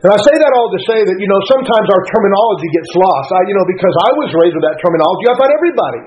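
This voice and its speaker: Folksy fast-talking man. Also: high voice, animated, lo-fi sound. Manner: folksy, earnest, self-correcting storyteller. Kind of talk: personal storytelling talk.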